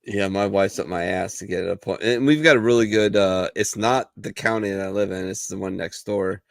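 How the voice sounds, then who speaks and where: A man with a gravelly, fairly low voice hosts a casual veterans' chat, swearing freely and acting out the people in his stories. The recording is dry and close. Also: a little fast, dry recording. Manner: profane, storytelling, acts out quoted voices. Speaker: podcast host.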